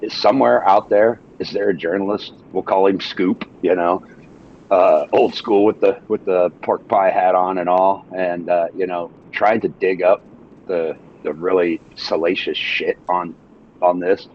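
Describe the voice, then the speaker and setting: Man, very deep voice, stuffy nasal cold, rambling and profane, dull call-in audio. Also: steady tone, slight background noise. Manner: rambling, profane, halting restarts.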